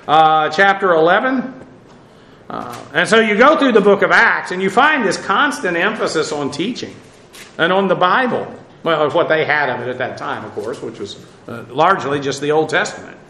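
Male Bible teacher, chatty and halting, dry humor, bright voice. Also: on the high side, animated, echoey room, rough recording. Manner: conversational, many fillers, dry asides. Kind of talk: informal Bible class teaching.

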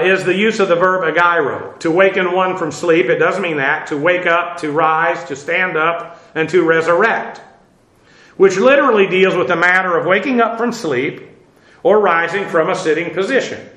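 A man gives a verse-by-verse Bible lesson with a high, bright voice. He talks casually, with plenty of "uh"s and dry asides to his listeners. The room around him rings with echo. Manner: conversational, many fillers, wry asides. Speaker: Bible teacher.

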